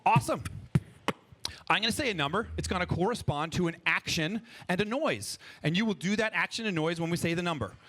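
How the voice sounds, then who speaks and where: A man leading a live improv workshop for an audience on a conference stage, talking in an energetic, playful way and coaxing the crowd to join in. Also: high-pitched, fairly quick. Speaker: improv performer and workshop leader. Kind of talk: live freestyle rap and workshop talk to an audience. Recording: live event with audience noise.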